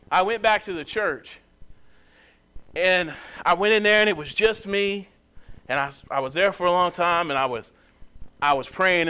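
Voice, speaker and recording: A young man preaching in a church, earnest, his voice climbing high and loud when he presses a point. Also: clean tone. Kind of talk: sermon. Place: church sanctuary.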